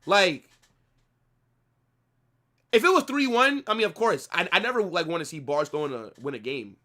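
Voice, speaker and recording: His voice sits high with a sing-song, sharp quality at normal speed. The young man is hosting a live football watch-along, profanely ranting at his audience and repeating himself constantly.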